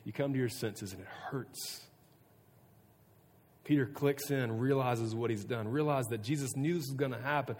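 A man preaching a sermon in a relaxed, chatty way, full of filler words and restarts. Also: medium pitch. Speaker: pastor. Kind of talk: casual conversational sermon. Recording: long hall reverb.

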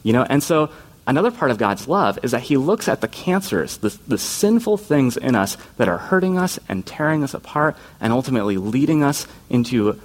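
A man's voice: mid-range voice, very animated, brisk. A man preaching a conversational sermon as a youth pastor, earnest and informal, often slipping into quoted voices.

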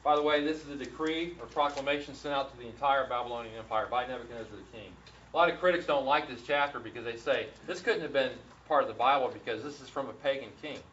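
A man's voice: medium pitch, quick pace, fairly bright tone. Man teaching scripture in a roomy hall. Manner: earnest, with frequent restarts and repeated words. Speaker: Bible teacher. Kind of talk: verse-by-verse Bible teaching. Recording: roomy, distant, dull lo-fi sound with faint hiss.

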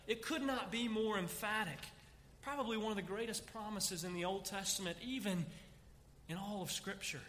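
A man's voice: sits high, sharp tone, in a large hall. A man preaching a sermon, emphatic and full of rhetorical questions. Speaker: pastor.

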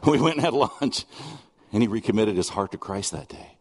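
A man's voice: lowish voice, lively intonation, fairly quick, darkish tone, breathy edge, long reverb tail. A middle-aged man preaching a sermon, earnest and conversational, mixing scripture with personal stories and asides. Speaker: pastor.

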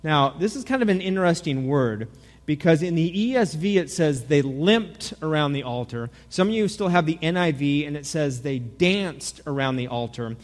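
High-voiced joking preacher in a reverberant hall. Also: male voice, moderate pace. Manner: animated, joking, many repeated starts. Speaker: pastor. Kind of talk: sermon.

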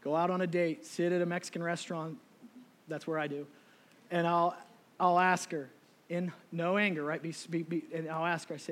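A middle-aged man preaching a sermon emotionally, moving from soft, near-tearful passages to shouted appeals. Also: fairly high pitch, flat delivery, moderate pace. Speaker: lay preacher.

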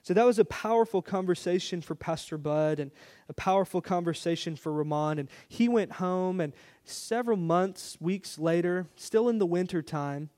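A pastor telling a story in a conversational sermon, relaxed and personal, quoting the people in it. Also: male voice, sits high, moderate pace. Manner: conversational, warm storytelling with quoted dialogue.

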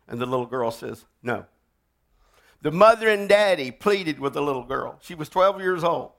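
Man, preacher, dramatic sermon storytelling, slightly high pitch. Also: animated, normal speed. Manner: dramatic, swings from shouting to hushed.

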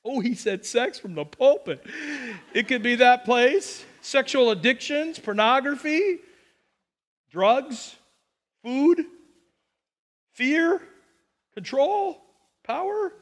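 A man's voice: very high voice, slow pace, long pauses, big-room sound. A man preaching a sermon as pastor, telling the story with jokes and acted-out quotes. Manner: animated storytelling, jokey asides and acted-out quotes.

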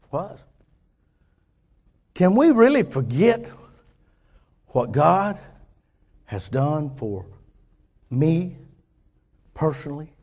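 A man preaching a sermon in an earnest, halting way, often restarting his sentences and swinging between loud and quiet. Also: medium pitch. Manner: earnest, halting with many restarts, rising and falling in intensity. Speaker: pastor.

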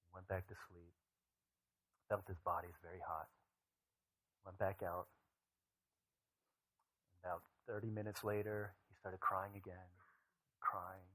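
A man in his thirties, a pastor preaching a sermon, telling stories and moving from animated asides to a soft, hushed voice. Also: low-pitched, a little slow, long pauses, poor audio. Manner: storytelling, animated then dropping to a soft hushed voice.

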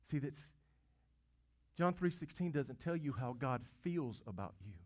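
A man's voice: fairly high pitch, lively intonation, measured pace. A man preaching a sermon. He asks the congregation questions, repeats words as he goes, and swells to emphatic peaks. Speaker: pastor.

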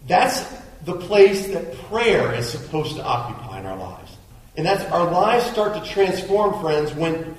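A man with a somewhat high voice preaches a Sunday sermon, casual and conversational, slipping into little acted-out inner voices. His words ring around a big sanctuary with heavy echo. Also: animated, unhurried. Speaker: pastor. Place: church sanctuary. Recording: very echoey hall.

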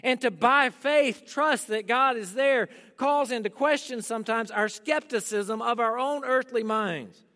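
A male pastor with a high voice preaches a sermon, rising to loud emphatic calls and dropping to hushed, slowed scripture reading. His words ring out in a church sanctuary, and the sound carries a long hall reverb.

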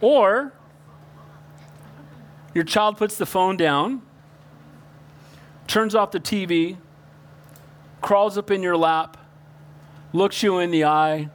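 A man preaching a sermon, calling out for amens and swinging between loud emphasis and hushed pleading. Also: high-pitched, takes it slowly, long pauses. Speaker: pastor.

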